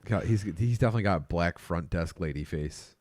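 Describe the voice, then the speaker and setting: A man's voice: deep voice, a little fast, a little mellow, dry recording, clean studio sound. A man co-hosting a casual podcast chat about fight videos, with crude jokey banter and frequent laughter. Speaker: podcast co-host.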